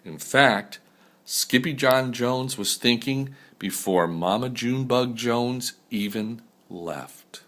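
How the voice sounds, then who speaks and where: An older man, a grandfather, reading a picture book aloud in an unhurried, expressive way. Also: mid-range voice.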